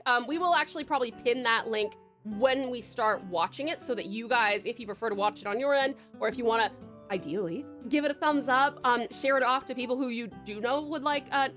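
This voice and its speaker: A woman's voice: fairly high pitch, a bit bright. A young woman streaming live, greeting chat, gushing and swearing casually, calling viewers darling. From Tasmania, Australia.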